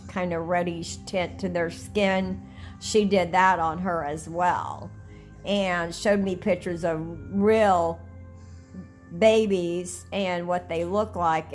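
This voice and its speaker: Older woman, low-pitched, chatty collector rambling through stories to camera. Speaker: doll collector. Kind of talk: casual talk to camera.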